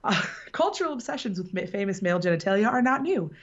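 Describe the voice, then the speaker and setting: A woman's voice: medium pitch, very animated, quick pace. Woman podcast host, loose rambling storyteller who laughs easily, lo-fi sound. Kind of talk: casual chat.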